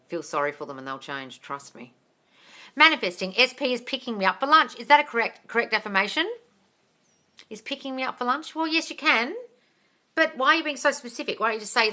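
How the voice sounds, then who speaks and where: Blunt Australian woman, bright voice. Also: on the high side. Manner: blunt, swears casually, calls viewers darling; reads out viewer comments in a lively voice. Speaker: manifesting coach answering live-stream questions. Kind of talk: casual live-stream Q&A.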